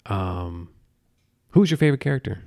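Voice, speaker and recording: A man in his thirties co-hosting a casual chat, profane and animated as he tells stories. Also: lowish voice, brisk, creaky.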